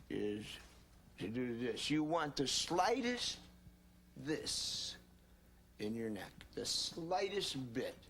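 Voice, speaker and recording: Slow, folksy man teaching guitar. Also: fairly high pitch, a bit bright, slight background noise. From United States. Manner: folksy, addresses viewers as folks and gang. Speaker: guitar instructor. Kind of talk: casual instructional demo.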